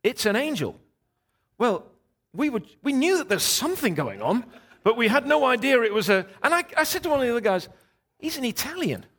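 Animated man telling a sermon story. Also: very high-pitched, fast talker. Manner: animated storyteller, voices the people in his story. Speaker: guest preacher.

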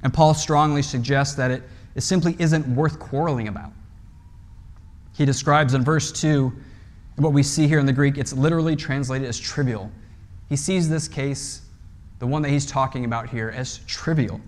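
Explaining a passage in a relaxed, talky sermon, a pastor keeps asking "right?" and starting phrases over. He speaks at a normal speed in a mid-range voice.

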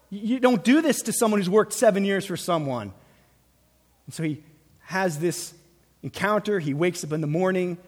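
A man preaching a sermon in an animated way, dropping to hushed lines and rising to loud exclamations. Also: sits high, big-room sound. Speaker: pastor.

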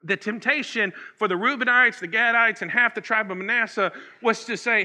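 Man preaching, high ringing voice, earnest scripture explanation. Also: moderate pace, hardly any pauses, sharp tone. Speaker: pastor. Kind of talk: sermon.

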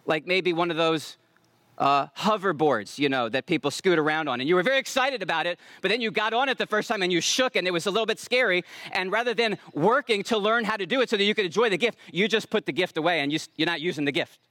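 A man preaching a sermon as pastor, earnest and emphatic, slowing down to stress key lines and calling out to the congregation. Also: high voice, no echo, clean studio sound. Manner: self-aware about preaching loudly.

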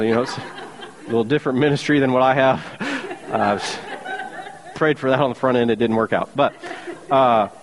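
A pastor preaches to his church, retelling the story with sarcastic humor and acting out each voice. His voice sits a little high for a man. The sound rings with the long reverb of a large sanctuary. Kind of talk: sermon.

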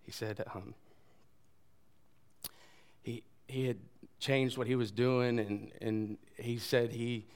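A man in his thirties or forties, a pastor giving a sermon in a conversational, animated storytelling way. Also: medium pitch, slow pace, pauses often, clear, resonant tone.

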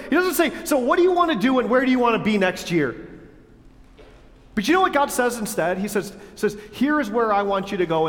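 A man with a high voice delivers a sermon in a church, animated and conversational, acting out God's words and the grumbling of his listeners. His voice rings with the long reverb of a large hall. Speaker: pastor.

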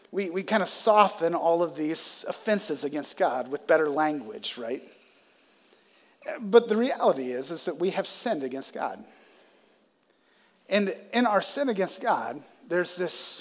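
Male pastor, high voice, emphatic sermon, long church reverb. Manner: emphatic, swells loud on scripture readings; casual asides with fillers. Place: church sanctuary.

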